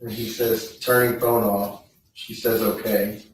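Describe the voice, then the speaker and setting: A man on the witness stand reading text messages aloud in a slow, measured way. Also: fairly low pitch, level tone, slight background noise. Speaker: trial witness. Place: courtroom. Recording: echoey courtroom feed, distant mic.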